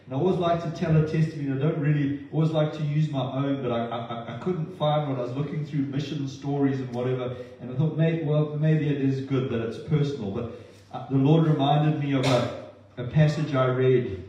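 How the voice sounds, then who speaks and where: A man preaching a sermon, impassioned and at times halting and emotional. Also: mid-range voice, fairly even intonation, dark tone. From not from New Zealand. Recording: echoey hall, distant mic, dull sound.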